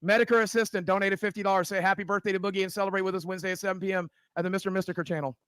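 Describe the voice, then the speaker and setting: A man's voice: sits high, flat delivery, rapid-fire, background noise. A man co-hosting a live stream, reading viewer comments aloud in a blunt, dry way with swearing.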